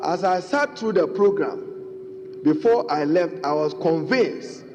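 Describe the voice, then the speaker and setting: A man's voice: fairly high pitch, lively intonation, slow pace, background noise. A middle-aged man with a Ghanaian accent, a member of parliament giving a formal, emphatic debate speech and repeatedly addressing the Speaker. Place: large parliament chamber. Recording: dull reverberant chamber broadcast.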